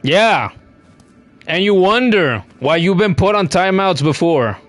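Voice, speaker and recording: Sarcastic high-voiced young male streamer. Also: expressive, measured pace, fairly bright tone, no room sound, soft background music. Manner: sarcastic, profane, talks to chat. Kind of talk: casual gaming stream commentary.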